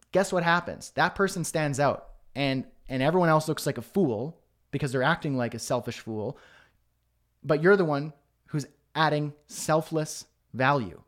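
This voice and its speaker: A man hosting a live-streamed business workshop, coaching emphatically with many rhetorical questions. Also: medium pitch. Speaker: host.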